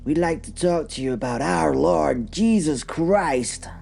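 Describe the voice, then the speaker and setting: A man's voice: a little high, expressive, unhurried, vocal fry, darkish tone, slight background noise, pitched above the performer's own voice, full character voice. A man doing a sarcastic Northern English lad. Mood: mock-posh. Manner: sarcastic, teasing.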